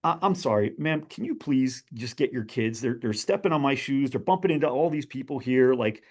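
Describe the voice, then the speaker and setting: A man's voice: medium pitch, animated, fairly quick, darkish tone, natural voice. A man quoting an annoyed stranger in a story, polite but exasperated and strained. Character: annoyed man losing patience in a waiting room.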